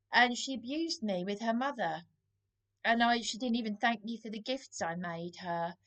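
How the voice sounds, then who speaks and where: A woman's voice: mid-range voice, fairly bright tone. An Englishwoman, out of breath and venting in an agitated, aggrieved, rambling monologue to the camera. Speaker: vlogger.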